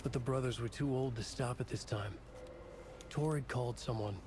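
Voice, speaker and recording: A man voicing a grim storyteller who narrates in terse, brooding sentences, as game audio with clear background noise. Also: mid-range voice, normal speed, natural voice. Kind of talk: scripted narration.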